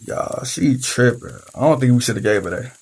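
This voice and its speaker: A brash young college friend, voiced by a performer, slangy and teasing, with a husky voice that moves lively up and down. It is an amateur audio drama. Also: mid-range voice, moderate pace. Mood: persuading.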